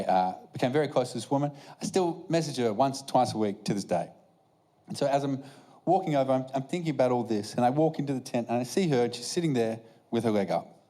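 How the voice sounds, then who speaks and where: A man doing stand-up storytelling, animated and acting out the back-and-forth of a conversation. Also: mid-range voice. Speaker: stand-up comedian.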